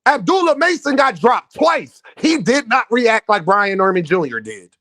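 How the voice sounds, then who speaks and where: A man with a high voice that swings widely up and down, hosting a livestream and firing back at his chat. He is brash, profane and mocking, and he sounds dry and close to the mic. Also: very animated, normal speed, bright, forceful tone, no echo. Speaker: boxing livestream host. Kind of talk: heated livestream rant at viewers.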